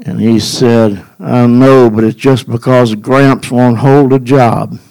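Slow-talking male preacher. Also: medium pitch, fairly even intonation, creaky, a little mellow, rough recording. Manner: folksy, deliberate, builds to a rising emphatic cadence. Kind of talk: sermon.

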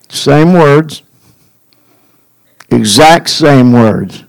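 A man preaching a sermon in a folksy, deliberate way, building to a rising, emphatic cadence. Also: medium pitch, animated, clear, resonant tone, low-quality recording.

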